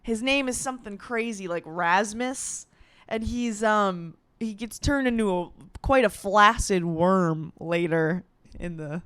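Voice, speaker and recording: A woman's voice: medium pitch, measured pace, fairly bright tone, smooth, dry recording. A woman in her twenties, talking in a playful, rambling, swearing comedic monologue. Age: 20s. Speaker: vlogger.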